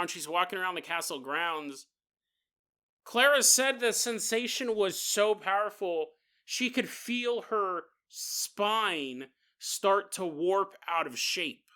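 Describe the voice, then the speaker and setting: Podcast host, man, bright voice, casual comedic storytelling with tangents. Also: on the high side. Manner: jokey asides, casual, digressive.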